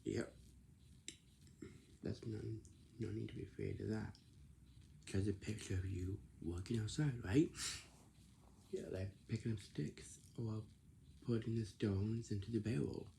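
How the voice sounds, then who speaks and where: Man, deep gravelly voice, dark tone, slow repetitive explaining, faint background hiss. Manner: slow, repetitive, asks "right?" and answers "yeah". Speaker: speaker explaining manners. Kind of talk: casual explanatory talk.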